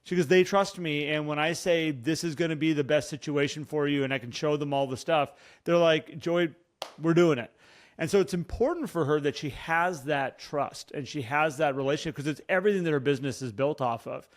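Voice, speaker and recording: Earnest, animated male real estate coach. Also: on the high side, a little fast, few pauses. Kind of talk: casual podcast chat.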